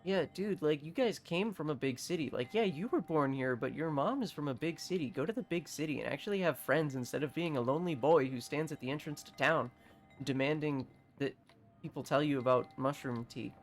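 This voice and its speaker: Man, game streamer, casual commentary, joking, swearing, slightly high voice, faint game music. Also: a little fast.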